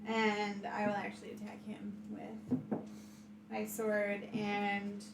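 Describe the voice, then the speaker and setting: A woman's voice: mid-range voice, completely flat delivery, slow, gravelly. Hesitant woman player in an echoey room. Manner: hesitant, many fillers. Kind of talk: casual tabletop play. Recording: echoey room, distant mic, noise.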